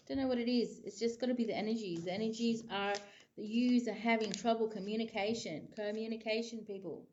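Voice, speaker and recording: A woman's voice: on the high side, steady tone, brisk, darkish tone, lo-fi sound, a little hiss or hum. A woman, a psychic giving a casual tarot reading to camera in a rambling, chatty way full of filler phrases.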